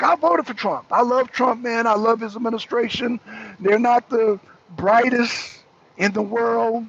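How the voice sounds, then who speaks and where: Excitable, gravelly high-voiced male host. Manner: excitable, argumentative, keeps pressing the same question. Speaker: talk show host. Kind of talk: heated political talk. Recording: dull lo-fi recording.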